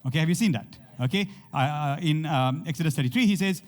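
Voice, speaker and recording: A man's voice: fairly high pitch, lively intonation, fast, hardly any pauses. A man preaching a sermon to a congregation, reading scripture aloud and often checking in with "okay?". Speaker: pastor.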